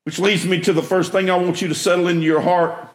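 A man's voice: high-pitched, flat delivery, fast, reverberant. A man preaching a sermon as a pastor, emphatic, rising when he stresses a point.

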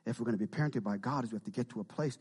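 A man preaching a sermon as pastor, animated, with frequent call-and-response asides to the congregation. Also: mid-range voice, rapid-fire, husky.

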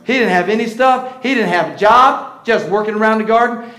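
A high-pitched male pastor delivers a sermon in a roomy, echoing church. He swings from quiet, hushed asides to loud, shouted declarations. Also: a little fast.

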